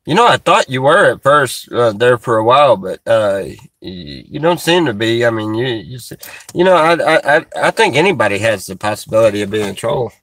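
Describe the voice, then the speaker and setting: A man chatting casually on a livestream, reading chat comments aloud, halting with many fillers and restarts and chuckling as he goes. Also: mid-range voice, sing-song, fairly bright tone, no echo.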